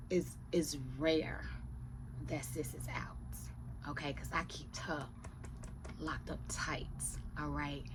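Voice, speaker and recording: A woman reviewing reality TV in casual, profane chat who often drops to hushed asides. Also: low-pitched, a little hiss or hum.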